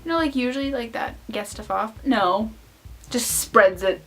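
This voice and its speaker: A woman's voice: a little high, normal speed, soft background music. A young woman vlogger casually telling an embarrassing story to the camera, filling her talk with "like". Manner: chatty, lots of "like" fillers.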